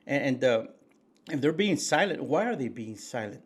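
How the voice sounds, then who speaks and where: A man's voice: mid-range voice, big pitch swings, normal speed, breathy edge. Folksy preachy man, fillers and restarts. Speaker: podcast co-host. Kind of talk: casual political chat.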